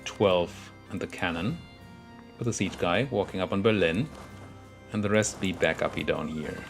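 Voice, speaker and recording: A man's voice: low-pitched, normal speed, soft background music. A young man casually commentating his own strategy game, thinking aloud and muttering at the units on screen. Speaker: gameplay commentator.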